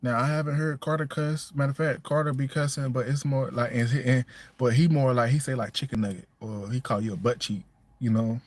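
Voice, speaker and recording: Speaking fairly quickly in a mid-range voice with fairly even intonation, a single dad talks casually on a livestream. He lays out household rules firmly and plainly, says things more than once, and keeps asking "you know what I'm saying".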